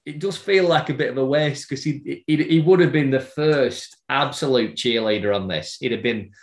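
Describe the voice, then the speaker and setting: A middle-aged man telling a personal story in casual conversation, halting and repeating words as he remembers. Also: mid-range voice, roomy sound. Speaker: guest.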